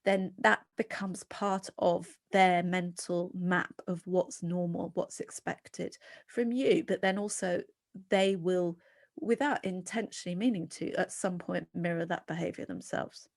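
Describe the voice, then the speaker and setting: A middle-aged British woman being interviewed as a psychologist, talking earnestly and animatedly with quick restarts. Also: fairly low pitch, fairly even intonation, creaky. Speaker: guest psychologist. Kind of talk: podcast interview.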